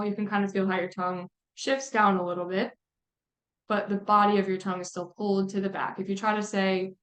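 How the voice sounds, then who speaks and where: A woman at a middle pitch explains vowel sounds in an easygoing lecture. She talks her listeners through each step and fills her pauses with soft ums. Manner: relaxed explaining with frequent ums. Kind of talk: phonetics lecture.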